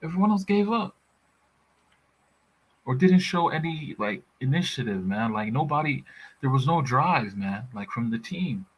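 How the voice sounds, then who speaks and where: A man's voice: medium pitch, very animated, a little slow, husky, poor audio. A man in a casual football chat, blunt and heated, swearing freely. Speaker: football pundit.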